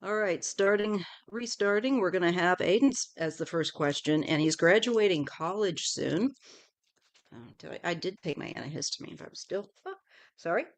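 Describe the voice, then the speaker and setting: A middle-aged woman talks casually through a live tarot stream. She rambles from one thought to the next, and her voice often drops off softly at the ends of phrases. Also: fairly low pitch, normal speed. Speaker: tarot reader hosting a livestream. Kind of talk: casual livestream chat.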